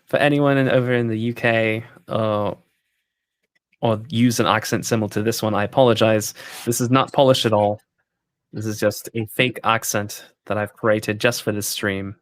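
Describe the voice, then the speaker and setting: Low-voiced easygoing male stream host. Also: fairly even intonation, normal speed, dry recording. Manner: easygoing, answers viewer questions. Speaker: PC company livestream host. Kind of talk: casual livestream chat.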